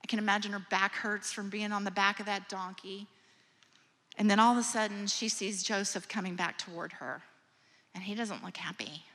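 A woman, a mother herself, retelling a scripture story as a gentle, imaginative sermon with hushed moments. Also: mid-range voice, fairly even intonation, brisk. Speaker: preacher or speaker. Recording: long hall reverb.

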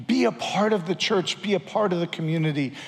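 A man preaches a sermon, earnest and urging, driving points home by repeating them. His voice sits a little high for a man. The sound rings with the long reverb of a large hall. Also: fairly quick, vocal fry. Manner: earnest, exhorting, repeats for emphasis. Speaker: pastor.

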